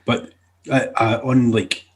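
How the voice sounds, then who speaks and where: A man's voice: medium pitch, level tone, takes it slowly. A man co-hosting a podcast, laid-back and casually swearing in chat. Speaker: podcast co-host.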